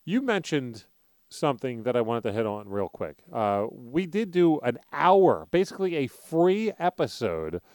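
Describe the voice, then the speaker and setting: Brash Philly-accented podcast host. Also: male voice, mid-range voice, sing-song, unhurried, a little mellow, no room sound, studio quality. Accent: Philadelphia. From Philadelphia. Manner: brash, profane, joking. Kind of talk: casual sports betting chat.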